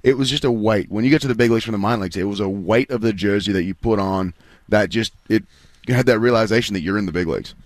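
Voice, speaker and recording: Fast-talking Australian man, low voice. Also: dry recording. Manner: rambling, many restarts and fillers. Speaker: guest athlete. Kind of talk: casual interview chat.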